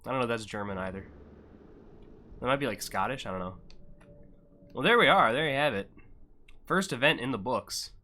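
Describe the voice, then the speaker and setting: Young male stream host; bright, punchy tone, loose joking commentary, pokes fun at himself. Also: medium pitch, expressive, a little fast, long pauses. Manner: joking banter with chat, self-deprecating. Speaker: livestream host and event commentator. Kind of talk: casual live-stream commentary.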